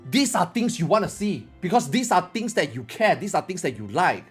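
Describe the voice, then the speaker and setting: A man's voice: high-pitched, very animated, a little fast, husky, soft background music. A male gaming streamer giving a casual opinion rant, rambling, repetitive and emphatic.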